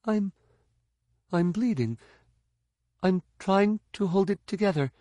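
Man voicing a bleeding young woman, weak and strained, high. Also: expressive, takes it slowly, dark tone, no room sound.

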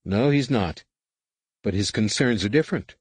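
A man's voice: lowish voice, expressive, moderate pace, darkish tone, slightly rough, no echo. A man voicing an earnest young male Jedi who argues in a reasoning way.

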